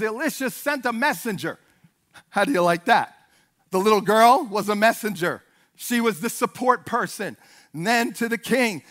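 A man preaching a sermon with fervent energy, rising to shouted peaks and acting out the voices of Bible figures. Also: very high voice.

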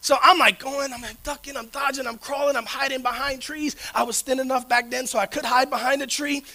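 A man preaching a sermon in a conversational, animated storytelling way, checking in with the listeners by asking "right?". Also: very high-pitched, fairly quick. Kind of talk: sermon with personal stories.

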